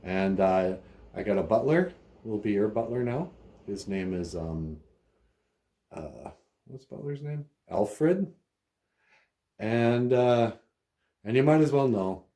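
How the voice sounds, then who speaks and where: A man's voice: lowish voice, animated, slow pace, pauses often, warm tone. A man voicing a rich young hero, earnest and wounded, in a raised, exclaiming voice during comic storytelling.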